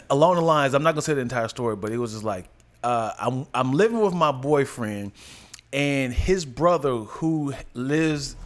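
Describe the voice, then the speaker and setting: A man co-hosting a podcast in casual chat, an animated storyteller who slips into loud impressions. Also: mid-range voice. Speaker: podcast co-host.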